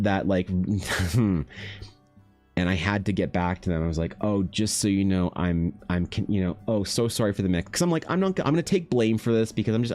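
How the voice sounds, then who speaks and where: A man with a fairly low voice chats casually to his live-stream audience. His talk is loose and profane, full of restarts and asides. Soft music plays faintly underneath. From Canada. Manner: profane, rambling anecdote with frequent restarts. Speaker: artist streaming while drawing.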